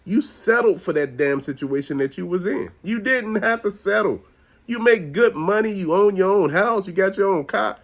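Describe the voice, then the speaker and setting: A man's voice: sits high, expressive, normal speed. A man hosting his own channel, delivering a blunt, profane, preachy rant straight to viewers. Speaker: host. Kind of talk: ranting monologue.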